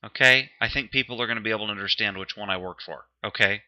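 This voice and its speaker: A man's voice: fairly low pitch, quick pace. A man co-hosting a casual chat show, telling a story, laughing often and getting defensive when teased. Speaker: podcast co-host. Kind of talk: casual banter. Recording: dull lo-fi sound.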